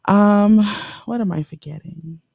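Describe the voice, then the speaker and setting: Gravelly-voiced woman radio host. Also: medium pitch, no echo, lo-fi sound. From the Bahamas. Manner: lively, talks straight to listeners, repeats key lines slowly. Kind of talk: inspirational radio talk show. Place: radio studio.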